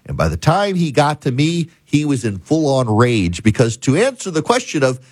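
A man's voice: mid-range voice, sing-song, moderate pace, darkish tone, no echo. A middle-aged man hosting a talk radio show, telling stories emphatically and building to a punchline.

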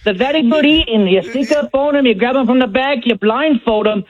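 A man's voice: extremely high pitch, fairly quick. A male caller putting on a broad Australian bloke voice, hammy and drawling, heard over a phone line. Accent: put-on Australian. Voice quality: hammy, drawled mates and good days. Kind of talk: phone-in bit on radio.

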